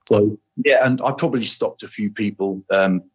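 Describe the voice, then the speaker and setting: An older man, a former soldier and police officer, recounting stories in a matter-of-fact, unhurried way as a podcast guest. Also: on the low side, husky. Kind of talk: casual storytelling. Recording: dull lo-fi audio.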